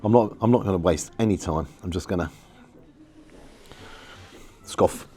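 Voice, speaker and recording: Excitable man reviewing food. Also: low-pitched, unhurried, soft background music. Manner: excitable, exclaims and repeats words. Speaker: food vlogger. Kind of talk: casual restaurant review to camera. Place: restaurant, then outdoors in the street.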